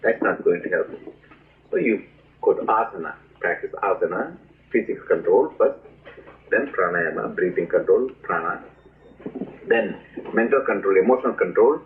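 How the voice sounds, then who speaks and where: Lively man giving a spiritual talk. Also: low voice, moderate pace, pauses often, slight background noise. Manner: animated, acts out voices, laughs often. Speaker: spiritual teacher. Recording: tinny lo-fi archive recording.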